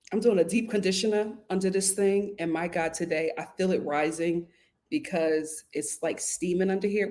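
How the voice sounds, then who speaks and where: Lively chatty woman host. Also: medium pitch. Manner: chatty and animated, laughs often, stammers and restarts. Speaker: host reading viewer comments. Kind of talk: casual live-stream chat.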